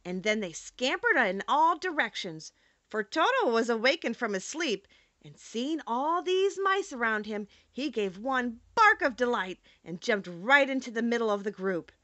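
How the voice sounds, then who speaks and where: A woman reading a classic children's story aloud as an audiobook narrator, expressive and measured. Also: on the high side, no echo.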